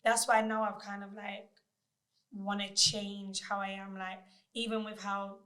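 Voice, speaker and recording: Flat-voiced young mother chatting candidly. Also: mid-range voice, a little slow. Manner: candid, reflective, flat-toned. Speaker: podcast guest. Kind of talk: casual podcast chat.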